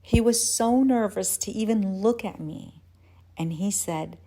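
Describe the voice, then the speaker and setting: A woman telling a personal story slowly and carefully, at a middle pitch. She lifts into a higher, louder voice when she acts out her own confused and excited words. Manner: unhurried, measured narration.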